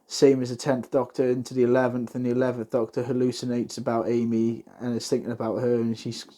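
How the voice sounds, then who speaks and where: A man co-hosting a podcast, reading fan theories aloud in casual chat, with animated, joking asides. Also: mid-range voice, quick pace. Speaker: podcast co-host.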